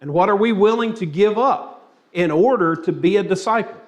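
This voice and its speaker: A man's voice: sits high, moderate pace. A man leading a church Bible class, asking the group questions and telling anecdotes with light humor. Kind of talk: interactive Bible class teaching.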